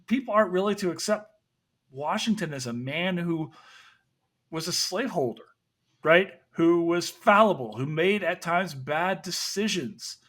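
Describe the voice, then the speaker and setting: A man's voice: high voice, lively intonation, a little slow, a bit bright. A man from the American South hosting a casual podcast discussion, blunt and emphatic in his opinions.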